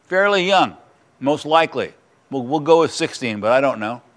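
A man's voice: medium pitch, animated, normal speed, fairly bright tone. A man preaching a sermon, reading scripture aloud and adding earnest, emphatic comments in a conversational way. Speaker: pastor.

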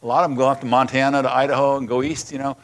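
A man's voice: mid-range voice, little pitch movement, very fast. A man preaching a sermon as pastor, reading scripture aloud with passion and emphasis.

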